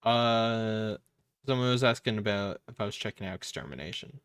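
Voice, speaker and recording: A man's voice: fairly low pitch, normal speed, fairly bright tone, smooth, no echo, clean studio sound. A man streaming, chatting casually and telling a long story, acting out what others said, with lots of fillers. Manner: rambling storyteller acting out quotes, many fillers. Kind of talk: casual chat.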